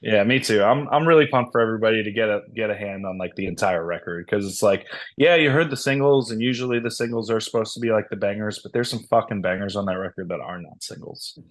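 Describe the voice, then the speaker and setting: A man guesting on a podcast speaks in a lowish voice with eager, upbeat energy. His talk is loose and casual, sprinkled with swearing. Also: fast talker, few pauses. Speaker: band member guest. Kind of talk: casual interview chat.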